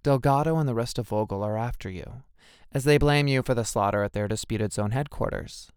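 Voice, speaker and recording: A man voicing a cheery, double-dealing young woman who talks brightly and pleads when caught, in a storybook reading. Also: mid-range voice, brisk, clear, resonant tone, dry recording, clean studio sound, close to an everyday voice. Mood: pleading.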